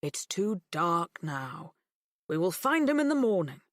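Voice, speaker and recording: A woman doing a warm, reassuring dad. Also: on the low side, big pitch swings, measured pace, no echo, studio quality. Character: caring, reassuring middle-aged father.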